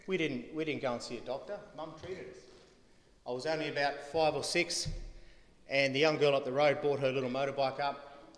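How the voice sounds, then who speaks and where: A middle-aged man with an anecdotal, storytelling manner, giving a eulogy for his mother at a funeral. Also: mid-range voice. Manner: storytelling, chuckling at his own stories. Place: funeral venue hall. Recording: echoey livestreamed hall.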